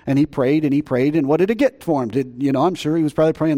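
A man preaching a sermon as pastor, conversational, swinging between loud emphasis and quiet asides. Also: fairly high pitch, quick pace. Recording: long reverb.

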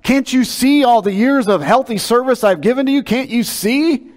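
A man's voice: very high-pitched, moderate pace, voice pushed up. A man voicing an exasperated talking male donkey who scolds his master with indignant rhetorical questions. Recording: long hall reverb.

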